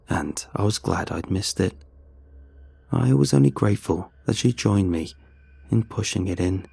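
A man narrating a first-person horror story in a measured, tense storytelling manner. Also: deep voice, creaky, dark tone, husky, dry recording.

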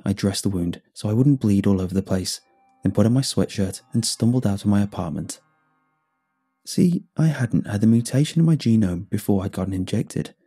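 A man giving tense, scripted first-person horror narration with hushed drops in his voice. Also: fairly low pitch, breathy edge.

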